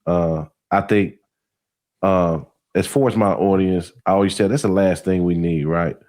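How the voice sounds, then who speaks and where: A man hosting a podcast, speaking in a relaxed, halting way with many fillers. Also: deep voice. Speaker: podcast host. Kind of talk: casual interview.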